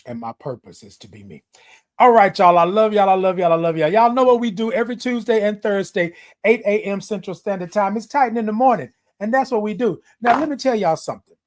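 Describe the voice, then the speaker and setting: A man with a high, expressive voice hosts a live morning show streamed on social media, speaking briskly. His casual talk is affectionate, repetitive and preacher-like, and he greets viewers by name.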